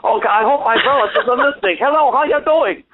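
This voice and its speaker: A man voicing an excitable male duck puppet as a ventriloquist, in a high, squeaky, stammering voice, heard over a tinny phone line. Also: fast talker, breathy edge. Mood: thrilled.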